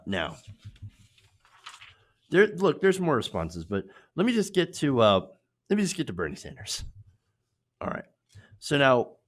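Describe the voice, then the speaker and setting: A man's voice: medium pitch, a bit bright. A man hosting an opinion commentary show, talking in an emphatic, sarcastic way and repeating lines for effect. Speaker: political commentary host.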